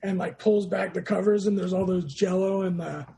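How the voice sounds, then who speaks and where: High-voiced gravelly man chatting. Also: steady tone, moderate pace, warm tone. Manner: laid-back, swears, laughs while telling stories. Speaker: podcast co-host. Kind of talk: casual chat.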